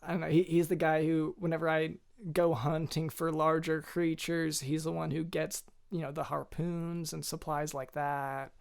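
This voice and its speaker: A man hosting a podcast, telling a deadpan comic story in a halting, hesitant way with many restarts. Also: a little high, creaky, smooth. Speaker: podcast host.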